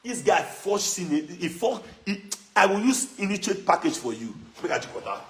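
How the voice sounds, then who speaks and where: A young Nigerian man from Edo with a local accent, talking loosely on a phone livestream, mixing in pidgin, animated and mocking with frequent laughs. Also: high-pitched, normal speed. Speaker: social media livestreamer. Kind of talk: casual livestream chat.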